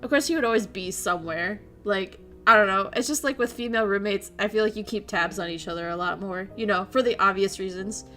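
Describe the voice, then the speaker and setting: A young woman streamer chatting casually with her viewers in an animated way and laughing often. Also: medium pitch, fairly quick, few pauses, faint music behind. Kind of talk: casual chat while streaming.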